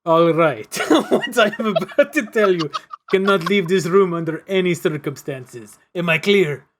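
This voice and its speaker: A man's voice: high voice, measured pace, slight background noise, voice pushed up. A man doing a stern commissioner woman, mock Russian accent. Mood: commanding. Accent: put-on Russian accent. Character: stern female commissioner, cold, commanding.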